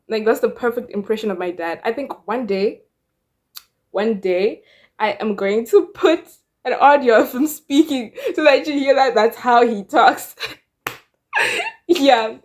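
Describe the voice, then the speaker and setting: A young Zimbabwean woman with a Zimbabwean accent, giving blunt, sassy opinions straight to viewers in a casual vlog. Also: on the high side. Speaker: YouTuber.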